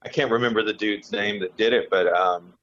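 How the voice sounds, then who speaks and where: A man's voice: fairly low pitch, steady tone, a little fast, a bit bright, muffled recording. A man co-hosting a podcast in casual chat, rambling with restarts and fillers. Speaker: podcast co-host.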